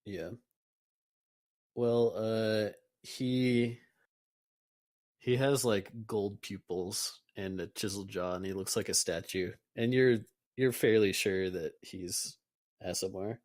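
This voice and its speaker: A man narrating a tabletop game as game master, casual and quick to laugh. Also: lowish voice, fairly even intonation, a little mellow, dry recording, clean studio sound.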